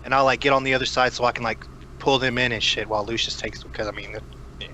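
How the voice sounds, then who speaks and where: A man's voice: medium pitch, steady tone, quick pace, sharp tone, slight background noise. A man playing a tabletop role-playing game, talking casually and hesitantly with lots of ums and occasional swearing. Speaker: player.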